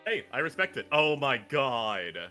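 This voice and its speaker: A man, a voice actor, chatting on a game stream with animated, wry commentary. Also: mid-range voice, measured pace, over loud music. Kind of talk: casual chat.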